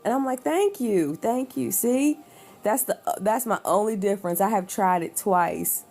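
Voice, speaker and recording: A woman's voice: mid-range voice, normal speed, darkish tone, faint music behind. A woman chatting casually at home on a livestream, rambling and laughing often. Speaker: livestream host.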